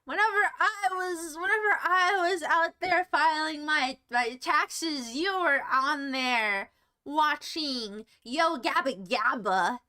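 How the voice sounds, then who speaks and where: Bright, high-voiced rambling woman streamer. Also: slow. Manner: silly, rambling, self-mocking, jumps between topics. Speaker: livestreamer. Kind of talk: rambling live-stream chat with viewers.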